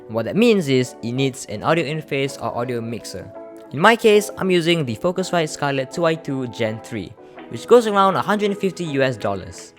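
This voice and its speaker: A man's voice: medium pitch, very animated, a little fast, soft background music. Casual young-sounding male tech reviewer. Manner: explanatory, chatty, addresses viewers as you guys. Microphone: close studio microphone.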